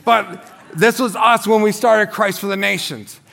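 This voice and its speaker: A man in his forties, a pastor giving his testimony as a sermon on a church stage, telling his story with excitement and shouting at the high points. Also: unhurried, creaky. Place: church stage before a congregation.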